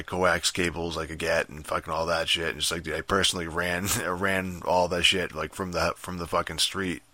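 Deep-voiced, bright, profane ranting man. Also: no echo. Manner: profane, rambling, many fillers and restarts. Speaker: podcast host. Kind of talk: casual rant.

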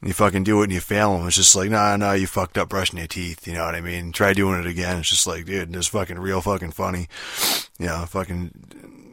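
A man's voice: deep voice, level tone, fairly quick, pushed and bright, no echo, clean studio sound. A man casually retelling a video game, rambling with heavy swearing, fillers and restarts.

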